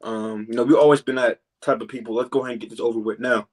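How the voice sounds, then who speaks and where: A man's voice: medium pitch, fairly even intonation. Guy teaching bible verses, chill preachy talk, lots of "man" and "you know". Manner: reads verses slowly and deliberately. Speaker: scripture teacher. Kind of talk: conversational scripture teaching.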